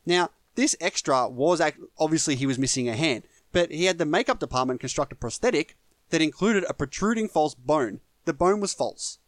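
Australian man, podcast co-host, lively swinging pitch, dry close sound, casual movie chat. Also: fairly quick, dry recording. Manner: animated, joking, chatty. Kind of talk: casual film review chat.

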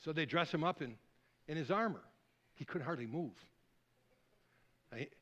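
A man preaching a sermon, rambling and lively, calling out questions to the congregation. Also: fairly high pitch, moderate pace, lo-fi sound. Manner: lively, rambling, audience call-and-response. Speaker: guest preacher.

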